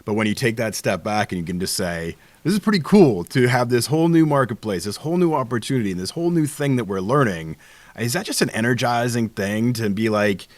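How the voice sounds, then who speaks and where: A man's voice: medium pitch, animated, fairly quick, dry recording. A man hosting an interview, asking long, rambling, enthusiastic questions. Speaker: interview host. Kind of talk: casual interview conversation.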